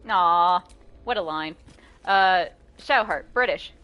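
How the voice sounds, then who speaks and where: A woman's voice: on the low side, slow pace, clean tone, lo-fi sound. A woman streaming a video game, talking casually with chat, swearing often and laughing between remarks.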